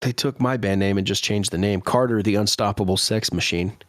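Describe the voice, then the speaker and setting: A man's voice: lowish voice, fairly quick, dry recording, studio quality. A man co-hosting a podcast in casual chat, laid-back, laughing often and saying "dude" a lot. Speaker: podcast co-host.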